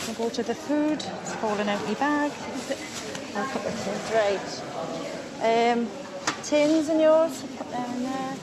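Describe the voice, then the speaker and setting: A woman's voice: a little high, takes it slowly, long pauses. A woman with a Geordie accent playing a friendly, reassuring food bank volunteer in a film scene. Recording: film soundtrack with crowd noise.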